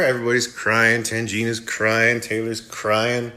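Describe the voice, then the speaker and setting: A man casually recapping a film play by play, animated, slipping into mock voices for the characters. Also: fairly low pitch, normal speed, hardly any pauses, slight background noise. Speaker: movie reviewer.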